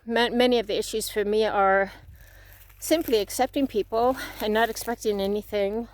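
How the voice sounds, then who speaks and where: A woman's voice: a little high, fairly even intonation, moderate pace, no room sound. Earnest, slightly breathless woman vlogger. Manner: earnest, repetitive, preachy. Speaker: fitness vlogger. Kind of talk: motivational talk while walking. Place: outdoors.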